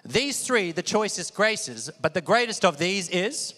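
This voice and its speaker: Unhurried and sharp-toned, this man's high voice swings widely in pitch as he preaches with great energy. The pastor has his congregation echo his lines, and the hall adds long reverb.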